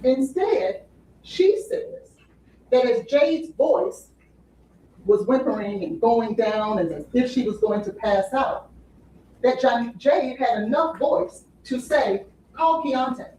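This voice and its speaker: High-voiced woman addressing a jury. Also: animated, takes it slowly, warm tone, a little hiss or hum. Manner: emphatic, repeating "you'll hear" to a jury. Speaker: defense attorney. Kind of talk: courtroom opening statement. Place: courtroom. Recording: echoey courtroom audio from far off.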